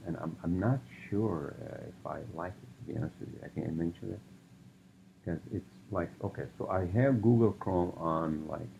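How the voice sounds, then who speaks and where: A man's voice: deep voice, gravelly. A man hosting a solo podcast, ranting and rambling with heavy swearing and many fillers, on a dull lo-fi recording. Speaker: podcast host. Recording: dull lo-fi sound with faint noise.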